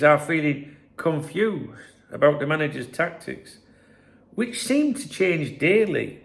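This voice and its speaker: Man, football vlog host, slightly raised pitch, rough fry, rambling mocking commentary. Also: sing-song, slow pace. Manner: sarcastic, rambling, mocking reads of press claims. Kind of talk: casual commentary to camera.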